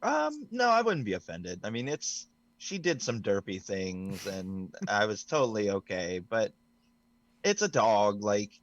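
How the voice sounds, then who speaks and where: A man co-hosting a podcast, answering in a relaxed, thoughtful way with some hesitations. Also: lowish voice, a little slow, dry recording, highs cut off. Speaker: podcast co-host. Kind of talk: casual chat.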